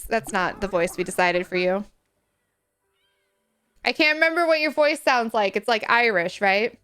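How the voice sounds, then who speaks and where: A woman's voice: medium pitch, expressive, normal speed, long pauses, pushed and bright, clean tone, faint music behind. A young woman streamer chatting casually while playing a game, in a chatty, self-deprecating, giggly way. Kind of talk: casual gameplay chat.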